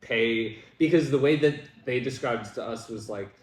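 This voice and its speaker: A young man, a comedian guest, chatting casually with many fillers and animated retelling. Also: mid-range voice, normal speed, a little hiss or hum. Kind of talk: casual brunch chat. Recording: echoey room.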